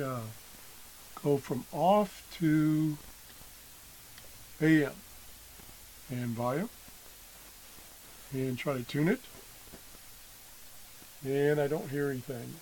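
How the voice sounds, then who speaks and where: A man slowly demonstrating an old radio, halting often and clearing his throat, his voice worn from being sick. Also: a little high, darkish tone, a little hiss or hum, poor audio. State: losing his voice after illness. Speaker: radio hobbyist video host. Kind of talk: casual show-and-tell demo.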